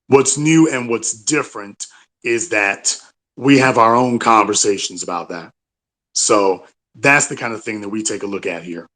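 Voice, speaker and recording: A man's voice: on the low side, fairly bright tone. A man hosting an online audio chat, delivering a casual political monologue in an emphatic, repetitive, conversational way. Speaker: host of an online audio talk room.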